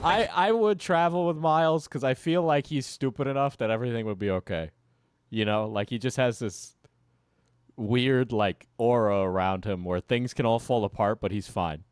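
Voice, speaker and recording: A man's voice: medium pitch, normal speed, smooth, no room sound, clean studio sound. A man streaming and reacting to a video, chuckling and rambling through casual asides.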